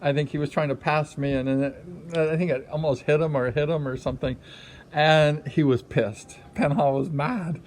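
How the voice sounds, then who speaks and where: A man's voice: a little high, steady tone, normal speed. A middle-aged man, a former speedway racer, telling a rambling story full of repeated fillers. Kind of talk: casual storytelling. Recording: loud music underneath.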